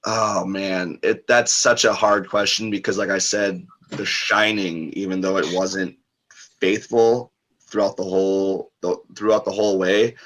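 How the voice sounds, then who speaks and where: Deep-voiced man chatting loosely. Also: fairly even intonation, unhurried, a bit bright. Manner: rambling, lots of fillers and restarts. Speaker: author and podcast guest. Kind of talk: casual podcast interview.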